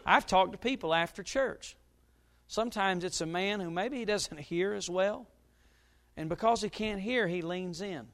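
Preaching at a moderate pace, a high-pitched, middle-aged pastor tells a story during his church sermon. His voice periodically leaps in volume.

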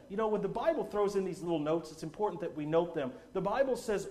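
A male preacher delivering an evangelistic sermon at a church service. His voice sits very high and he preaches with emphatic fervor. He reads scripture and then drives each point home. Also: quick pace, few pauses. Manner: emphatic, fervent, rising to shouts.

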